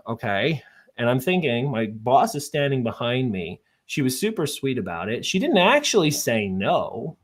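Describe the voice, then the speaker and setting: Animated chatty man from Minnesota. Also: medium pitch. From southern Minnesota. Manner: animated, chatty, full of fillers. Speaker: guest. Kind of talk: casual storytelling.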